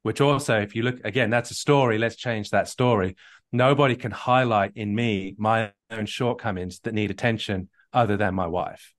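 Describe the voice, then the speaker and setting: A man's voice: lowish voice, fairly even intonation, normal speed. A man coaching on a live call, earnest and storytelling, with frequent restarts. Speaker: marriage coach.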